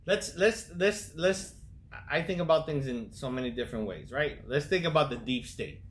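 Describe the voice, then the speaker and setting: A man's voice: on the high side, expressive, normal speed, echoey room. A man with a New York accent co-hosting a podcast, chatting casually in a blunt, emphatic way and often talking over others. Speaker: podcast co-host.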